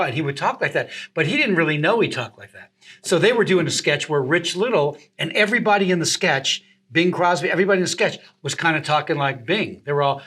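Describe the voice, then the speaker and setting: Bright-voiced impressionist telling stories. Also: male voice, a little high, a little fast, husky. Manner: animated, laughs through stories. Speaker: impressionist and radio host. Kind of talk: casual interview, telling anecdotes.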